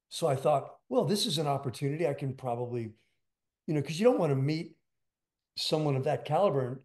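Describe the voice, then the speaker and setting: An older man, a drummer, telling stories as an interview guest in a rambling, animated way with lots of fillers. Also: medium pitch. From United States. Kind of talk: storytelling interview.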